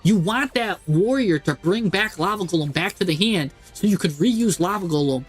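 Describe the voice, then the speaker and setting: Exasperated high-voiced man commentating a game. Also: moderate pace, breathy edge, soft background music. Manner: exasperated, animated, talks to the screen. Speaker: streamer commentating a card game.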